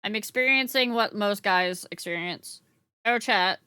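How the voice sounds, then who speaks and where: Bright chatty woman streamer. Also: medium pitch, unhurried, clean tone, no echo. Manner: chatty, swears freely, laughs often, talks to chat. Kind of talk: casual live-stream chat.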